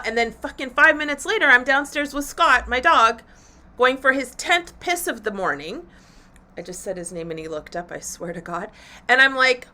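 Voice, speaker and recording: A woman hosts a live motivational talk for her listeners. Her voice is bright and forceful, and she speaks candidly and with animation, dropping swear words freely along the way. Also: on the high side, animated, moderate pace. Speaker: podcast host and women's coach.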